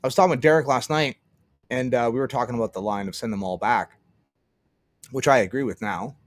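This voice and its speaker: Casting note: Canadian man as livestream host, middle pitch, sarcastic rambling, dry close sound. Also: fairly quick, no echo. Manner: rambling, sarcastic, mutters while searching. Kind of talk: casual solo livestream commentary.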